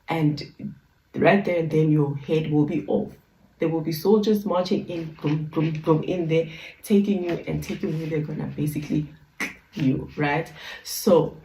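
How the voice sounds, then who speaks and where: A woman's voice: sits low, creaky, warm tone. A woman reading scripture aloud, then retelling it in casual, slang-filled paraphrase. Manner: switches between formal reading and chatty slang-filled retelling. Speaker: scripture reader and teacher. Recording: echoey room, distant mic.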